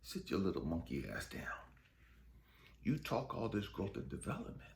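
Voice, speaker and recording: Stern scolding God as a man quotes him, low voice, harsh cursing rebuke. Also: wildly swooping pitch, moderate pace, gravelly, darkish tone, a little hiss or hum, full character voice.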